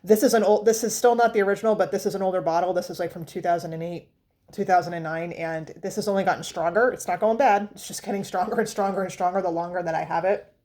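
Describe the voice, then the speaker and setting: A woman's voice: lowish voice, fairly even intonation, fast talker, darkish tone. A woman vlogger chatting casually about perfumes, rambling with fillers and restarts. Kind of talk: casual chat.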